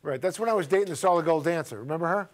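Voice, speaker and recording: A man's voice: a little high, rapid-fire. A middle-aged man from Somerville, a guest actor telling stories on a casual talk show. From Somerville, Massachusetts. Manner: animated storyteller, mimics voices in anecdotes.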